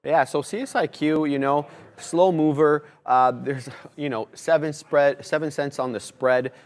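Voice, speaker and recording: A man's voice: on the high side, steady tone, unhurried. A man co-hosting a live trading show, steadily explaining trades and chart setups.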